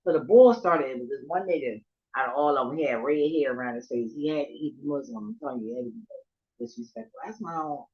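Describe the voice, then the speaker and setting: Talking fast and expressively, a female vlogger rants profanely and casually as she relates a story to her viewers. She laughs a lot and ranges from quiet murmurs to almost shouting, heard through a muffled recording.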